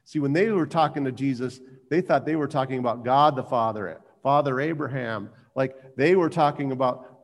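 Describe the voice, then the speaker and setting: A man preaching a sermon as pastor, reading scripture and explaining it with dramatic emphasis that drops to hushed low lines. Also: animated, normal speed, big-room sound.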